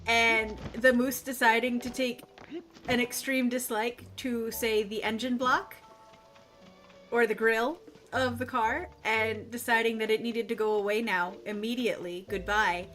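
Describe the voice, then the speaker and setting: Chatty woman streamer, bright voice. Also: on the high side, fairly even intonation, a little slow, faint music behind. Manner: rambling, chatty, laughs often. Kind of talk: casual chat while gaming.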